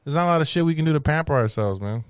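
Profane, animated man telling stories. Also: a little high, very fast, clear, resonant tone, dry recording, clean studio sound. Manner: profane, animated storytelling with voiced impressions. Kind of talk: casual chat.

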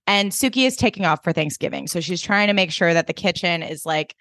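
A woman's voice: lowish voice, a little fast, no room sound. Chatty woman recapping, dry sound. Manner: animated, acts out characters' lines in a raised voice. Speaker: podcast co-host. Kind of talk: casual recap chat.

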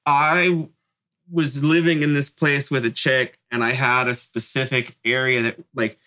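Bright-voiced man telling profane street stories. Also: medium pitch, a little slow. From North Bay, California. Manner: animated, profane street-slang storytelling, full of "like" and "right?". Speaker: interview guest. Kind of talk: casual storytelling interview.

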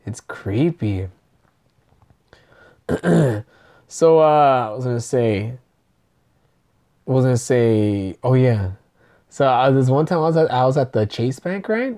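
A woman's voice: rumbling low, animated, slow, long pauses, dark tone. A young woman hosting a podcast, telling stories in loose, profane casual chat with lots of laughter. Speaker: podcast host.

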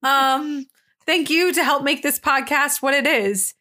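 A woman's voice: high-pitched, measured pace, sharp tone. A young woman co-hosting a podcast in casual chat, rambling and giggly, swearing freely. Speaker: podcast co-host.

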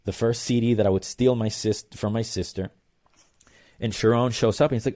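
A man with a somewhat low voice recounts his own story as an interview guest. He talks loosely and casually, drifting through asides and fillers as he goes. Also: fairly even intonation, a little fast, darkish tone. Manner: rambling, loose, lots of fillers and "blah blah". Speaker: percussionist guest.

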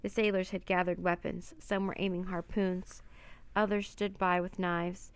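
Brief: storybook narrator, woman, steady reading, gravelly texture. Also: lowish voice, normal speed. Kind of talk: storybook read-aloud.

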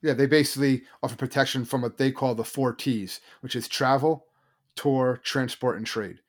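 A man co-hosting a casual chat, telling a story quickly and loosely, with many fillers. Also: medium pitch, fairly even intonation. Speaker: podcast co-host.

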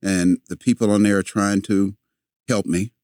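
A man guesting in a conversation, telling a story in an animated way, repeating words as he goes and acting out the lines of the people in it. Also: on the low side, moderate pace, no echo, clean studio sound. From a city, with family in the American South.

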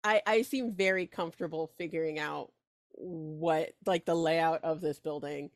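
A woman with a slightly low voice plays a tabletop game, thinking out loud with frequent ums and likes and a giggly, hesitant manner. Her voice sounds dry and close to the microphone. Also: measured pace, dry recording. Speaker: player. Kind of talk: casual tabletop game play.

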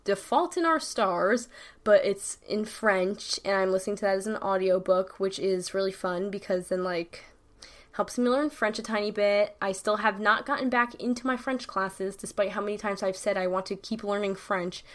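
A young New York woman, a YouTuber, talks to camera at a normal speed in a steady, medium-pitched voice. Her New York accent colors a casual, rambling monologue thick with slang, "like," and "literally."

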